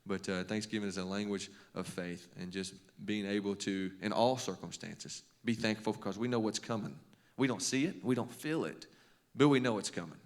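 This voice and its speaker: Guy, middle-aged coach, fairly low voice, rambles and restarts a lot, folksy. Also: normal speed. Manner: conversational, lots of restarts and stammers; folksy, self-deprecating humor. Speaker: basketball coach and teacher. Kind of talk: devotional talk to a men's group.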